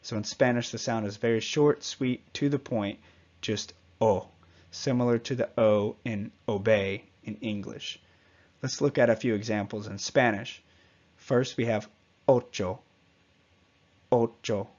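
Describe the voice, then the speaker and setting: A man teaching a Spanish pronunciation lesson, patiently repeating each example word slowly and clearly. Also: mid-range voice, fairly even intonation, darkish tone, muffled recording.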